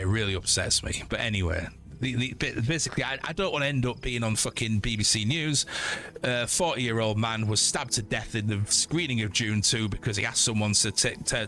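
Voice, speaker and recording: A man in his forties, a streamer ranting casually and swearing, with lively storytelling. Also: fairly low pitch. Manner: sweary, animated storytelling with mock voices. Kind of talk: casual rant while gaming.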